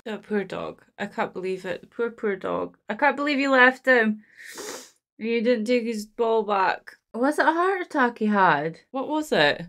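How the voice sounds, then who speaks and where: A woman's voice: fairly high pitch, animated, normal speed, fairly bright tone. A woman hosting a movie reaction, talking to the screen and getting emotional. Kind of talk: casual reaction commentary. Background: film soundtrack music.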